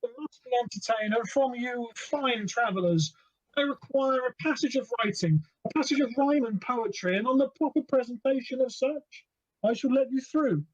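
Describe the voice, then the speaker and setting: A man's voice: extremely high pitch, normal speed, pitched above the performer's own voice. A man putting on a lofty bearded gatekeeper. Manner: lofty, grand formal speech. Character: pompous bearded male gatekeeper, formal. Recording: dull lo-fi audio.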